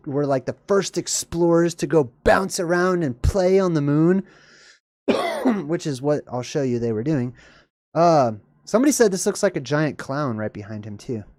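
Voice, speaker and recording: A livestream host giving rambling, digressive reaction commentary, laughing often and jumping suddenly up in pitch. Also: animated, moderate pace, darkish tone, no echo, clean studio sound.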